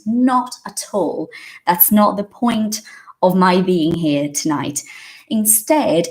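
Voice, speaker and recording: A woman teaching a live English lesson, greeting viewers by name, explaining words and asking questions in a chatty way. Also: medium pitch. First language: Portuguese.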